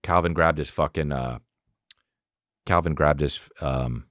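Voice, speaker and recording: A man's voice: unhurried, no room sound, clean studio sound. A man in his thirties hosting a solo comedy podcast, swearing freely and ranting. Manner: profane, animated, riffs into mocking high-pitched character voices. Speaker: podcast host.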